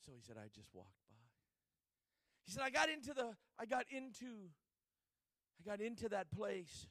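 High-voiced male preacher telling a story. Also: big pitch swings, normal speed, fairly bright tone, dry recording, studio quality. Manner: dramatic storyteller acting out quoted speech. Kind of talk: sermon storytelling.

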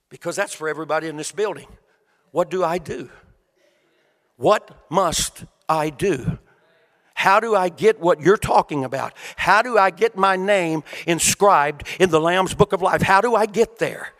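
A male preacher with a high, ringing voice delivers his sermon in a rolling, sing-song cadence. He climbs to shouted peaks, then sinks to near-whispered lines. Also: animated, normal speed, long reverb tail. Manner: swings from shouted peaks to hushed quiet delivery.

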